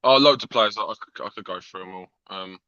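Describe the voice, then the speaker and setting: A man's voice: deep voice, fast talker, pushed and bright. A man co-hosting a casual football chat, blunt, dismissive and sweary. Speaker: co-host. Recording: dull, dry lo-fi audio.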